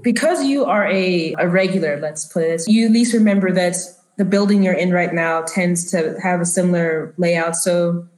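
A woman's voice: fairly low pitch, normal speed, few pauses, a little mellow, roomy sound, low-quality recording. A woman narrating as game master of a tabletop game, chatty and full of fillers.

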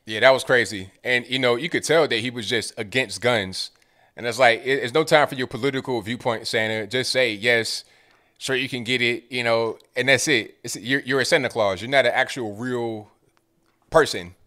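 A man's voice: medium pitch, normal speed, bright, forceful tone. A man co-hosting a casual political chat, laid-back and agreeable, often repeating his words as he starts a sentence. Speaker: co-host.

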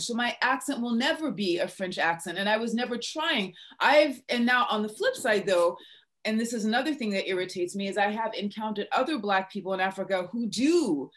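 A woman from Côte d'Ivoire talks in a casual podcast. Her voice sits a little high, and she is blunt and emphatic, clearly irritated by what she describes. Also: expressive, moderate pace, fairly bright tone.

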